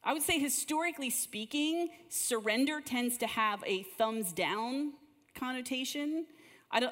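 A woman's voice: medium pitch, a bit bright. A woman leading a church group session, praying and telling stories in a conversational way, often repeating words as she starts a sentence. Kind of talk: conversational church teaching with prayer. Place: large room with a gathered group. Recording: long hall reverb.

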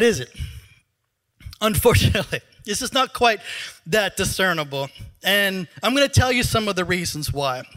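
Bright, high-voiced joking pastor. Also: male voice. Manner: animated, joking, laughs at his own asides. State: troubled throat, clears it often. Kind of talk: sermon. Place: church. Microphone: handheld mic.

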